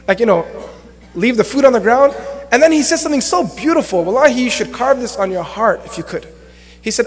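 Young guy imam giving a sermon, high voice, jokey storytelling, big echoey hall. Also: quick pace. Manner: animated storytelling with acted-out quotes and humor. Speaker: imam and lecturer. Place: mosque hall. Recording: long hall reverb.

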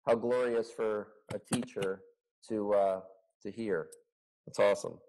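A man's voice: fairly low pitch, fairly even intonation, a little slow, darkish tone, slight background noise, low-quality recording. A man teaching a Bible study as a pastor, earnest and conversational, asking his listeners rhetorical questions, recorded over an online video call.

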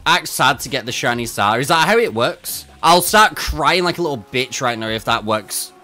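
A man chats through a game stream in a blunt, casual voice, cursing freely and grumbling to his viewers. His pitch sits in an ordinary middle range. Soft music runs faintly underneath. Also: lively intonation, normal speed. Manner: blunt, swears freely, frustrated banter with chat. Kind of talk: casual livestream chat.

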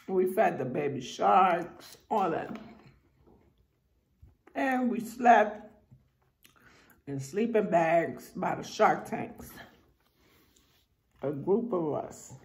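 A woman with a New York accent, telling animated family stories in a casual storytime vlog. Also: on the low side, very slow, creaky, long pauses. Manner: animated storyteller acting out voices.

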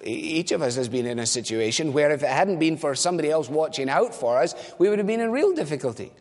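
A man delivers a sermon as a pastor, earnest and direct, posing questions and answering them himself. His voice sits high for a man. The sound hangs in a long, reverberant hall. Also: lively intonation, fast talker, a little mellow. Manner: earnest preaching with rhetorical questions.

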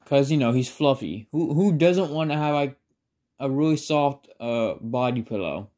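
A man's voice: medium pitch, normal speed, warm tone. A man casually telling a made-up fan story, rambling with lots of filler words and self-conscious asides.

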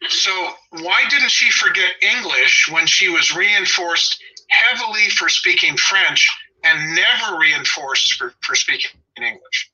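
A sharp, piercingly bright voice from a man in his sixties with a Southern Californian accent, a little higher than most men. He talks dog training in an opinionated, wry way, wandering into digressions. The sound is husky and the audio dull and lo-fi. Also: animated, a little slow. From Los Angeles. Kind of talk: casual podcast chat.

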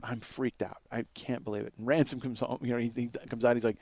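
A comedian host telling a crude personal story in a rambling, profane way, often repeating and restarting himself. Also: male voice, medium pitch, steady tone, quick pace, a little mellow, no room sound.

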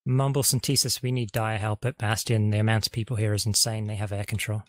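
A man's voice: lowish voice, little pitch movement, fast talker, dry recording. A man leading a squad in an online game, giving hesitant status reports over voice chat with many fillers. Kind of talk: game voice comms.

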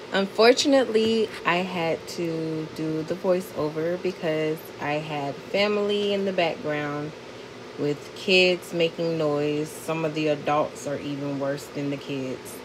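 A woman's voice: sits low, steady tone, a little slow, noisy background. A woman vlogger chatting casually with lots of fillers, narrating a gift unboxing. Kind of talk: casual vlog and voiceover narration.

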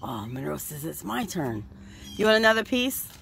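A woman's voice: low voice, big pitch swings, moderate pace, vocal fry, a bit bright, slight background noise. Woman in sing-song pet talk. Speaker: dog owner. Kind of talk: chatting to her dogs on camera. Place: home kitchen.

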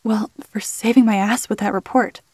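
A woman voicing a hot-headed young male rookie mercenary who is quick to protest. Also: medium pitch, steady tone, darkish tone, husky, no echo, natural voice. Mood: defensive.

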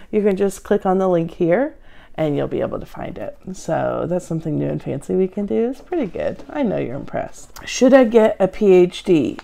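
A woman's voice: low voice, creaky, mellow. A woman hosting a comedic question-and-answer video from home, with a dry, sarcastic, self-mocking manner. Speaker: show host answering viewer questions. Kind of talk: deadpan comedic Q&A.

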